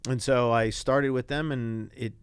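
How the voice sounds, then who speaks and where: An older man, a retired Navy pilot, telling animated stories as an interview guest and acting out the people he quotes. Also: mid-range voice, unhurried, smooth, no echo, clean studio sound. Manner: animated anecdotes, acts out quoted voices. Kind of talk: casual interview storytelling.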